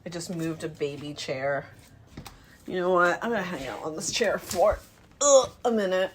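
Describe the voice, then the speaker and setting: A woman's voice: fairly low pitch, moderate pace, a little hiss or hum. A woman chatting casually to the camera while she cooks in her small apartment kitchen, thinking aloud and wandering between thoughts. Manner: relaxed, rambling, thinks aloud. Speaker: vlogger cooking at home. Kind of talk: casual talking-to-camera chat while cooking.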